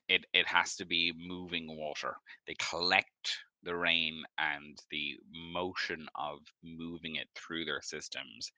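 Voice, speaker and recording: A man's voice: sits low, bright, forceful tone, no echo. A man narrating as game master of a tabletop game, describing scenes in a rambling way with many fillers.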